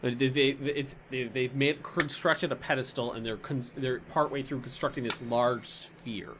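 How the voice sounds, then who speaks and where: A man's voice: medium pitch, steady tone, moderate pace, background noise. A man narrating a tabletop game as dungeon master, rambling and searching for words as he describes scenes.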